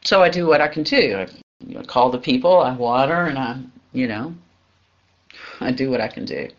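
A man giving a reflective spiritual talk, pausing often, searching for words and laughing softly now and then. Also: medium pitch. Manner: halting, searching, with soft laughs and frequent pauses. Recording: dull lo-fi recording.

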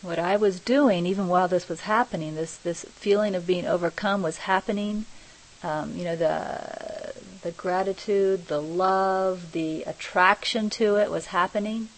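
A middle-aged woman giving a reflective spiritual talk, speaking slowly and softly with many pauses. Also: lowish voice, poor audio. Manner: slow, soft, pausing and searching for words. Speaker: spiritual teacher.

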